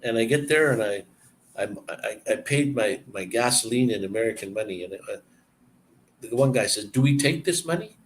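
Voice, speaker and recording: A man's voice: lowish voice, moderate pace, a little hiss or hum, low-quality recording. A man from Canada telling stories in casual chat, rambling and opinionated, with frequent restarts.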